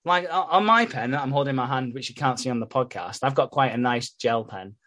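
A man's voice: medium pitch, fairly quick, pushed and bright. A man co-hosting a podcast, casually recapping a soap with plenty of swearing and laughter. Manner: sweary, laughing, retells scenes with quoted voices. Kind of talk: casual chat.

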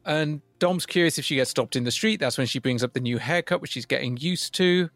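A man's voice: a little high, a little fast, fairly bright tone, dry recording, soft background music. A man co-hosting a podcast, recapping an old TV show in a wry, chatty way. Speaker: podcast co-host.

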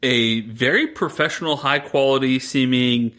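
A man co-hosting a podcast talks in a loose, rambling way, mocking what he describes and slipping in laughs. His voice sits at a middle pitch for a man. It is unhurried, easygoing chat. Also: sharp tone. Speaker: podcast co-host. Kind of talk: casual chat recapping a movie.

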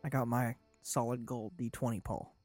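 A man's voice: medium pitch, steady tone, moderate pace, a little mellow, faint music behind. A man playing a tabletop game who describes his character's actions in a plain, matter-of-fact way. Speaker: player.

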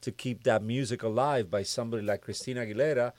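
A man's voice: mid-range voice, quick pace, dry recording. A man, a music producer, telling stories in an interview and acting out the dialogue of the people in them. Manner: animated storyteller who acts out quoted dialogue. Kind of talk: storytelling interview chat.

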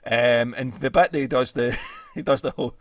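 A man's voice: mid-range voice, steady tone, moderate pace, no echo. Scottish male podcast host, sweary and laughing, close dry sound. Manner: sweary, laughs often, many restarts. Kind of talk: casual chat.

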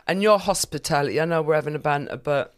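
A woman's voice: low-pitched, fast talker. A woman comedian as a podcast guest, bantering frankly in casual chat.

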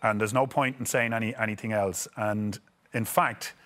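Irish male guest, middle-aged, animated casual storyteller. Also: on the low side, moderate pace. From Ireland. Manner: animated, chuckling anecdotes. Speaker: guest, former footballer.

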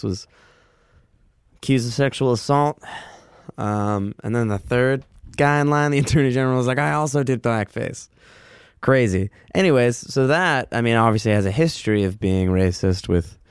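A man talks through a loose solo podcast, wandering between thoughts with frequent swearing and self-mocking asides. His voice sits fairly low and comes across smooth and resonant. The sound is dry and close, with no room around it. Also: dry recording. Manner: rambling, frequent profanity and filler words; loose, self-mocking, lively swings in pitch. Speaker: podcast host. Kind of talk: casual solo podcast monologue.

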